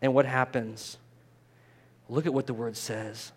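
Unhurried and medium in pitch, a pastor speaks his sermon like a conversation, stumbling into restarts and repeated words. He gets louder and more animated when underlining what matters.

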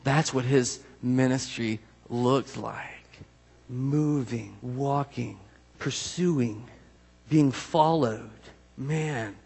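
A male pastor delivers a conversational sermon, swinging between loud, animated bursts and quieter reflective stretches. His voice sits a little high and carries a husky edge. The sound rings with the long reverb of a large hall.

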